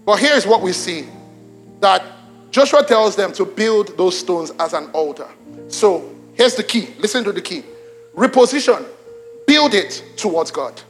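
A young man preaching a sermon to his congregation, animated, swinging between loud exclamations and hushed emphasis, repeating lines for emphasis. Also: high voice, a little slow, soft background music. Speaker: pastor. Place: church auditorium with congregation.

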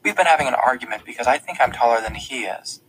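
A man's voice: mid-range voice, fast, close to an everyday voice, rough recording. Man voicing Alicia, a bitter blind girl. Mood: sly. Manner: hissing, often whispered, hard and flat. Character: blind teenage girl, bitter, scared, tough.

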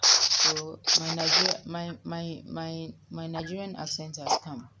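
Slow, low-voiced woman preacher. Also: flat delivery, dull audio, very noisy. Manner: slow, reverent, with frequent amens and hallelujahs. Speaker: prayer leader. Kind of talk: informal sermon and Bible reading.

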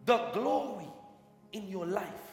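High-pitched preacher man, fired up, repeats himself, lots of hall echo and a bit of music behind. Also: lively intonation, takes it slowly, creaky. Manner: fervent, speaks in tongues, repeats phrases. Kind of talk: sermon. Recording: echoey hall with long reverb.

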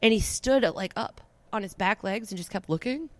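A podcast co-host in casual chat, animated and quick to laugh, riffing with crude jokes. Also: mid-range voice, dry recording.

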